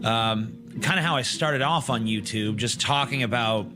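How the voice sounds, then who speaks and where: A man talks quietly and reflectively while clear plucked guitar music plays behind him. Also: mid-range voice, normal speed. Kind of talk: reflective interview clip.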